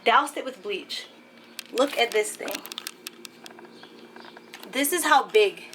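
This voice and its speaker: Animated young woman telling a story. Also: a little high, slow pace, slight background noise. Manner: animated, full of "like" fillers. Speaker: vlogger. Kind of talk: casual storytelling to camera. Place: apartment, indoors.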